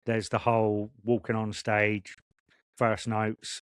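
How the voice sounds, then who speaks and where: A man co-hosting a podcast, telling rambling, excited stories in casual chat. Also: fairly low pitch, slow pace, clear, resonant tone, no echo, studio quality. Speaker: podcast co-host.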